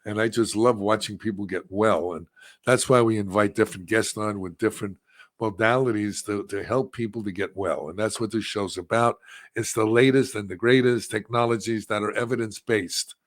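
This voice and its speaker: A man's voice: on the low side, steady tone, moderate pace, dry recording, clean studio sound. A man hosting a podcast, talking in an enthusiastic, rambling, casual way. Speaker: podcast host. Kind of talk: casual chat.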